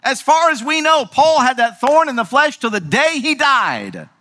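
Lively, bright-voiced preacher. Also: male voice, extremely high pitch, moderate pace. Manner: emphatic, lively, direct address to the congregation. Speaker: pastor. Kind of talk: sermon.

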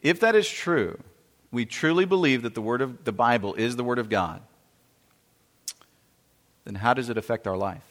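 A man's voice: medium pitch, lively intonation, moderate pace, long pauses, fairly bright tone. A man preaching a sermon in an earnest way, often restarting phrases and asking the congregation questions. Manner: earnest, repetitive, asks the audience questions. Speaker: pastor. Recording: long hall reverb.

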